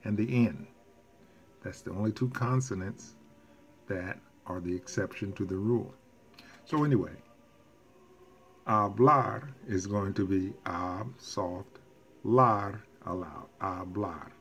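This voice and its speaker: A man teaching a recorded language lesson in an unhurried, careful way. His voice sits fairly low and he pauses for casual asides and quick self-corrections. Faint background noise runs under the recording. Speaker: Spanish teacher.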